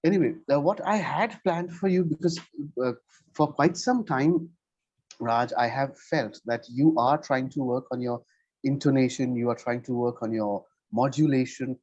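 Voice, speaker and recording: Male english tutor, patient explaining, keeps asking right?, mellow husky voice, muffled dry call audio. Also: medium pitch, normal speed, no echo. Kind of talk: conversational one-on-one lesson.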